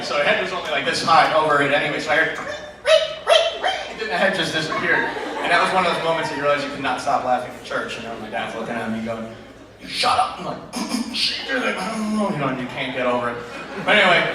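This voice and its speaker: A man in his forties, a chemistry teacher doing a self-deprecating stand-up routine with rambling asides. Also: a little high. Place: school auditorium stage with live audience. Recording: echoey auditorium taped from far off. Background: laughing crowd and loud room noise.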